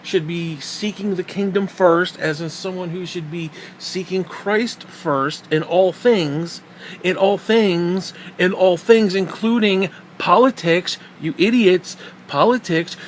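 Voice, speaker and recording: A man's voice: high-pitched, slow pace. A man ranting in a crude, sarcastic and heated way to his viewers, swearing often, with a faint air-conditioner hum behind him. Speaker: vlogger. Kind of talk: profane ranting commentary.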